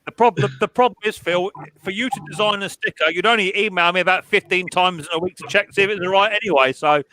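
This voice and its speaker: A man's voice: sits high, pushed and bright, low-quality recording. A man hosting a casual live stream chat, joking, restarting words and laughing often. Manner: jokey, stammering restarts, quick laughs. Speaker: host.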